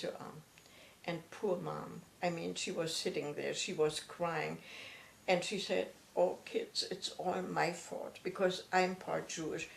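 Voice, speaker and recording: An older woman from Germany, recounting her own memories in a halting, reflective way with frequent pauses and fillers. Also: fairly low pitch, creaky, roomy sound, slight background noise. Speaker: author and retired professor. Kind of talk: personal recollection.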